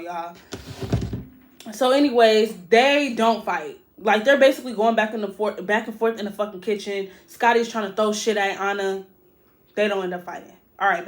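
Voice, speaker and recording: A woman hosting a podcast, recapping a reality show in a casual, profane, animated way and talking straight to listeners. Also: medium pitch. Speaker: podcast host.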